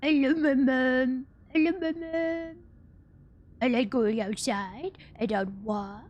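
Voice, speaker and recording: A goofy, simple-minded male dog who adores his mom, as a woman puts him on. He talks slowly in a sing-song, repetitive way, a touch loud, and pitched fairly high. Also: muffled recording. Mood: doting.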